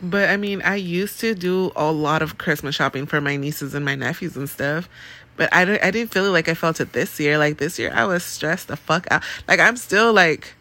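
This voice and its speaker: A woman's voice: low voice, normal speed, pushed and bright. A woman hosting a podcast, venting in a rambling, casual way and swearing freely. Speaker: podcast host. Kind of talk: casual chat. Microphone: podcast mic.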